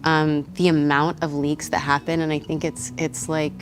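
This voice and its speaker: A woman's voice: sits low, flat delivery, moderate pace, faint music behind. A middle-aged woman chatting casually as a guest over a meal, talking with many restarts and frequent laughs.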